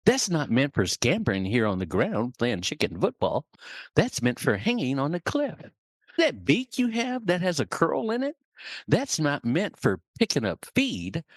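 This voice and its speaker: A man's voice: on the high side, huge pitch swings, a little slow, no room sound, studio quality, full character voice. A man voicing a commanding male eagle who mentors a scared young bird, in a told story. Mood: rousing.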